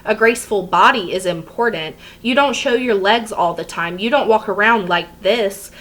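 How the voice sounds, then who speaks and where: A woman's voice: mid-range voice, normal speed, fairly bright tone, lightly acted. A strict, scolding father who lectures his teenage daughter about how she dresses and walks, voiced plainly by a woman reading a novel aloud. His words are firm but stay close to an everyday reading voice. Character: stern angry immigrant father, lecturing.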